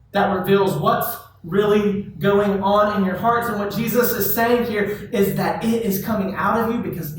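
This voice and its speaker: A youth pastor delivers a relaxed, conversational sermon, asking his listeners direct questions. His voice sits high, with a faint hiss or hum underneath. The hall is very echoey and the mic is far away.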